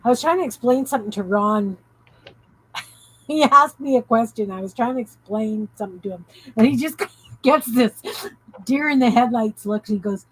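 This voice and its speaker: A woman's voice: a little high, normal speed, a bit bright, husky, rough recording. A woman hosting a casual crafting live stream, tired, rambling and giggling as she chats with viewers.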